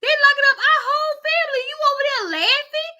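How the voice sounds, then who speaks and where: A woman voicing a frantic young woman whose family is being arrested, pleading in a shrill, rapid way. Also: big pitch swings, bright, forceful tone, exaggerated voice. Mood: panicked.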